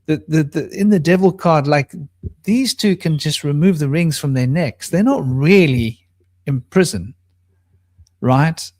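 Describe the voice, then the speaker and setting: A man's voice: on the high side, dry recording. Rambling man on a video call. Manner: talks in a soft baby voice to a small pet bird; rambling, frequent restarts. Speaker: co-host. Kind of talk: casual spiritual chat.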